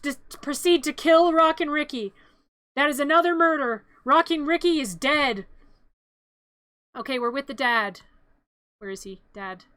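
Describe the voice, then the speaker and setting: A woman streamer giving a comedic movie recap, playful, jumping into loud excited outbursts. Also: high voice, dry recording.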